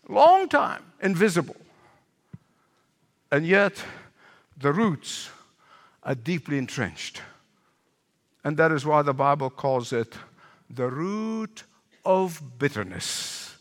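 An older man preaching a sermon as pastor, animated, repeating phrases for emphasis and asking the congregation questions. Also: high-pitched, in a large hall.

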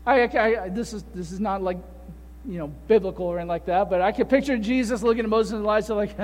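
High-voiced preacher in an echoing hall. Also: male voice, fast. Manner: animated storytelling with rhetorical questions. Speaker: pastor. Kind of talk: sermon.

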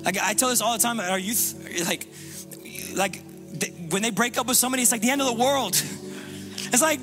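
A man preaching a sermon as pastor, impassioned and repetitive, swinging between loud urging and hushed low passages. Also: fairly even intonation, a little fast, long pauses, over music.

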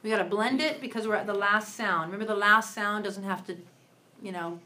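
A woman's voice: mid-range voice, brisk, bright, forceful tone. Patient woman teaching reading in class. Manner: patient, encouraging, breaks words into syllables. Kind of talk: classroom instruction. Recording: roomy classroom audio from a distance.

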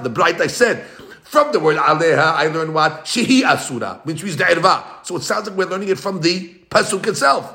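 Male Talmud teacher, bright and forceful tone, animated back-and-forth argument, chanted quotes. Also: on the high side, gravelly. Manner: animated, argues both sides in a quick back-and-forth; slows to chant Hebrew and Aramaic quotes. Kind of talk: Talmud lesson.

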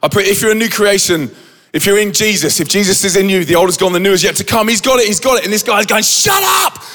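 High-voiced man, hall reverb. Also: fast talker. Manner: animated, acts out the scene with quoted voices. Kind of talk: dramatic storytelling to a live audience.

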